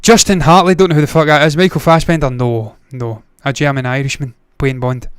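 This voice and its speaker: A man's voice: a little high, steady tone, brisk, clean tone, no room sound, clean studio sound. Blunt, swearing man. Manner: blunt, opinionated, frequent swearing. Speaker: movie news show host. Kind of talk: casual livestream commentary.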